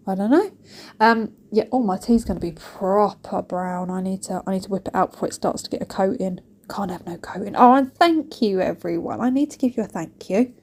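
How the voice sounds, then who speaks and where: A woman's voice: mid-range voice, dark tone, breathy edge. A British woman chatting through a cleaning vlog, rambling and self-mocking with playful asides. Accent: British English. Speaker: cleaning vlogger. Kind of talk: chatty voice-over while cleaning. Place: home kitchen.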